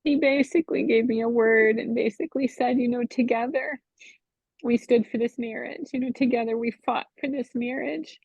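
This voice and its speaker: A middle-aged woman sharing a personal faith testimony at a Bible study, speaking in an emotional, halting way full of "you know". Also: on the high side, steady tone, vocal fry, a little mellow, husky, dry recording. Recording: tinny phone-line sound, dry.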